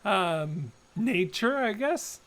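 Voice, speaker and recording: A man running a tabletop game as the dungeon master, talking slowly and pausing often on fillers. His voice sits a little high for a man. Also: expressive, a bit bright. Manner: unhurried, halting narration with many fillers.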